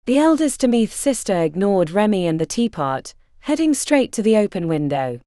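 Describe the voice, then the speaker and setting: A woman narrating a fantasy audiobook in an expressive, scripted reading. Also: mid-range voice, moderate pace, dry recording, studio quality.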